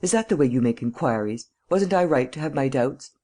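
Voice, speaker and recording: A woman voicing a commanding gentleman thief. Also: extremely low pitch, lively intonation. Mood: brisk scolding. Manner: brisk, scolding, peremptory. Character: gentleman thief, commanding, sharp-tongued Frenchman.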